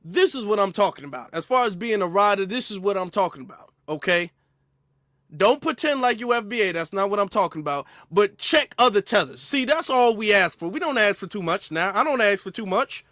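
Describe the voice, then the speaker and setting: A man hosting a reaction commentary, animated and mocking. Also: high voice, brisk, no echo, studio quality. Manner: animated, mocking impressions of others. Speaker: commentary host.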